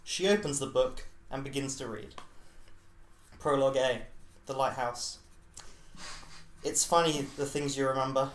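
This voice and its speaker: A man's voice: mid-range voice, unhurried, slight background noise. Man narrating a story in an echoey room. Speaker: podcast co-host reading his own story. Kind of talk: scripted narration read aloud.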